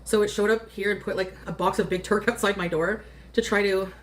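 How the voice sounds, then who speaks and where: A woman's voice: mid-range voice, fairly even intonation, fairly quick. A woman talking to her viewers while she cooks in a home kitchen, chatty and casual. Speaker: cooking vlogger. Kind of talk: casual cooking vlog.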